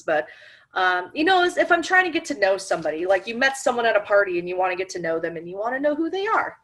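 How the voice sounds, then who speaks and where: A woman's voice: mid-range voice, a bit bright. Woman teaching a webinar, chatty and casual, lots of um and little laughs. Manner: chatty, laughs often, many fillers. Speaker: paranormal class instructor. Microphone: computer mic on a webinar call.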